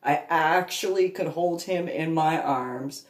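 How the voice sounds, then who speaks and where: A woman's voice: low voice, steady tone, slow. A woman, a reverend and author, casually telling family stories in a meandering way, often laughing. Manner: meandering, laughs often, baby-talk when quoting herself to her dog. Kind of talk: casual personal storytelling. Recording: echoey room.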